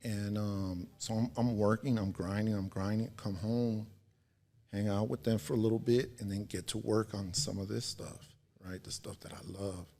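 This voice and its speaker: A man in his forties with a low, gravelly, husky voice tells stories on a podcast. He sounds laid-back and slangy, swears freely and keeps checking in with his listeners. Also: fairly even intonation, moderate pace, mellow. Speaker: podcast guest. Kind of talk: casual storytelling.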